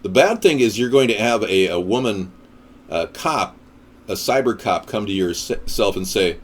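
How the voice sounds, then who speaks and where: A man's voice: fairly low pitch, lively intonation, measured pace, husky. A man delivering a ranting political monologue in a combative, sarcastic manner. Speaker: political commentator.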